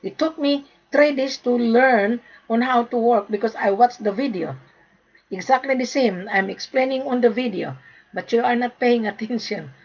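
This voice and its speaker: A woman's voice: fairly high pitch, moderate pace, darkish tone, muffled recording. A woman from the Philippines, a gold trade consultant, lecturing and scolding in a repetitive live video rant.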